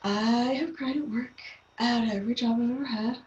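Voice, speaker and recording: A woman's voice: fairly high pitch, fairly even intonation, normal speed, darkish tone, lo-fi sound. Chatty woman heard from a distance. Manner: chatty, laughs often, many fillers. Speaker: guest. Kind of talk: casual interview chat. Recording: roomy, distant from the mic.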